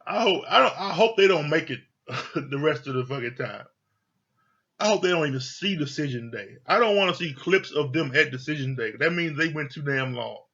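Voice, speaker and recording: In a dull, lo-fi recording, a man reviews a reality TV show as a heated, casual rant aimed at his viewers, swearing freely and speaking bluntly. His fairly high voice is bright and forceful, expressive, and moves at a moderate pace.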